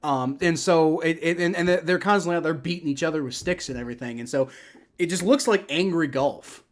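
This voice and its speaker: A man's voice: on the high side, a little fast. A young man from the United States hosting a casual livestream, reacting to a game and chatting, rambling through lots of restarts and fillers. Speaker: livestream host. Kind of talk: casual live reaction and play-by-play.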